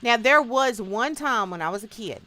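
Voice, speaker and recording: A woman streamer with a bright, sharp voice chats in a folksy, animated way as she plays. Her country drawl carries her homespun stories, told casually into a desk mic. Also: a little high, moderate pace. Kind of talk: casual storytelling while gaming.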